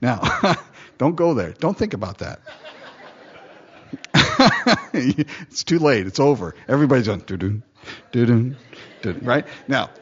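Slow, lively-voiced male preacher. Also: mid-range voice, husky. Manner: lively storytelling, reading King James verses and acting them out; chuckles often. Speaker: pastor. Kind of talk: verse-by-verse sermon. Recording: dull lo-fi recording.

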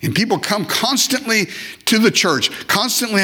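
A man's voice: sits high, sing-song, normal speed, pushed and bright, slightly rough. A man preaching a sermon, emphatic and repeating phrases, now and then acting out short comic voices. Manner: acts out short comic voices of worshippers and God. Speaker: pastor.

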